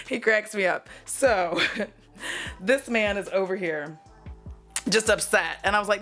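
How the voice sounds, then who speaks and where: A woman's voice: medium pitch, takes it slowly, pauses often, faint music behind. A woman who works as a mail carrier, telling a casual, profane story with frequent laughs. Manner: animated, profane, laughs often.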